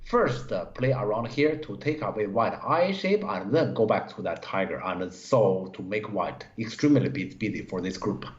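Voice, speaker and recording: Halting man reviewing go games. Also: fairly low pitch, animated. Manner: halting, many fillers, broken English grammar. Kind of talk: live-stream game review. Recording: roomy, dull stream audio.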